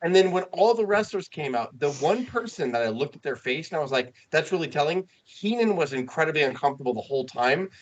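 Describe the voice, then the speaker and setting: Animated man retelling a wrestling segment. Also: a little high, fast talker, hardly any pauses, highs cut off. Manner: animated storytelling, acting out quotes. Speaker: podcast co-host. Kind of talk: casual chat.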